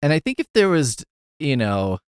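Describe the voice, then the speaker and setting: A man's voice: fairly high pitch, very animated, moderate pace, clear, resonant tone, no echo, studio quality. A man hosting a podcast, giving a rambling, profane, wry casual review of a film. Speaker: podcast host.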